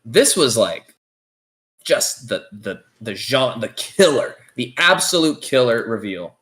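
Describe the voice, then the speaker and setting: Podcast co-host, male, excitable and rambling; lively, swinging pitch. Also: slow. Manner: excitable, rambling, frequent restarts. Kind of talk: casual chat about toys and movies.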